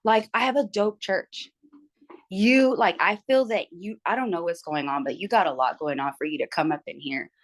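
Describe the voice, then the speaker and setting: A woman's voice: on the low side, moderate pace. A tired young woman on a video call, telling a story candidly in casual chat. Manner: candid, storytelling, quotes people in her retelling. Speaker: book club member.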